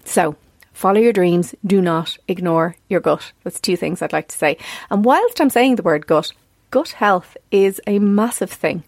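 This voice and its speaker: A candid woman in her forties reflects aloud as a podcast host, her voice gravelly with fry at the ends of her phrases. She is earnest and openly emotional, recorded close and dry with no room sound. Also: medium pitch, expressive, unhurried, darkish tone, no room sound. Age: 40s. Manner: earnest, confessional, easily emotional.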